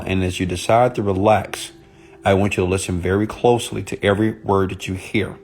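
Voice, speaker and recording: A man speaking softly and intimately on a live stream, greeting viewers by name as a motivational speaker. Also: sits low, steady tone, a little fast, faint music behind. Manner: soft, intimate on purpose; chatty, greets commenters by name.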